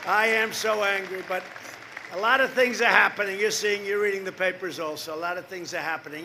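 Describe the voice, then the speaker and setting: A man's voice: sits high, steady tone, brisk, creaky, sharp tone, a little hiss or hum. An older man in his seventies giving a rambling, boastful rally speech outdoors, with asides to the crowd. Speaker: political rally speaker.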